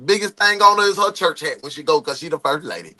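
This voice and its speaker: Man in his forties, reaction-stream storyteller; high, animated, loud. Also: quick pace. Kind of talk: casual storytelling.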